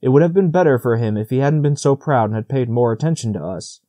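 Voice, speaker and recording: A touchy jay bird, as a man reads him, rasping and sneering at the others. His voice is a little louder and sharper in his outbursts, and it stays mellow underneath. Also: medium pitch, animated, fast talker, natural voice. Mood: indignant.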